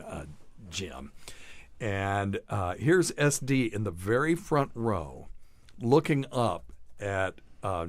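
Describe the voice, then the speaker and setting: A man's voice: lowish voice, no echo. A middle-aged man, a doctor hosting a show, telling profane, rambling anecdotes in casual chat.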